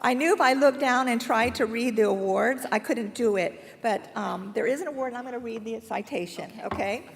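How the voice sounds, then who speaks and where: A woman with a gravelly, slightly high voice speaks in a hotel ballroom, telling a story before presenting an award. She sounds emotional and chatty. Her voice rings with long hall reverb. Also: normal speed, few pauses, a little hiss or hum. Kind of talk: heartfelt ceremony speech. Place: hotel ballroom event, live stream.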